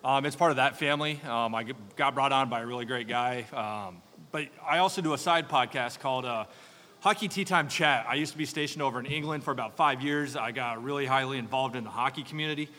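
Bright-voiced man, halting hockey guest. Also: medium pitch, in a large hall. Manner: halting, lots of fillers. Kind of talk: casual chat.

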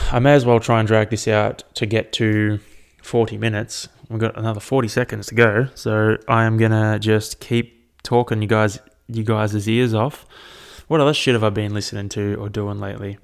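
A man's voice: fairly low pitch, fairly even intonation, moderate pace, vocal fry, clear, resonant tone. A young Australian man hosting a solo podcast, telling rambling stories and swearing constantly. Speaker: podcast host. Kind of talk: casual solo podcast monologue.

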